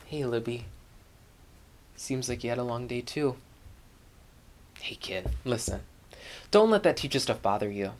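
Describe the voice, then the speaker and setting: A man playing a quiet, gentle father. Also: mid-range voice, big pitch swings, normal speed, pauses often, slight background noise, natural voice. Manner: soft, hushed and reassuring. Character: quiet, gentle father comforting his daughter. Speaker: stage actor. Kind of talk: theatre monologue.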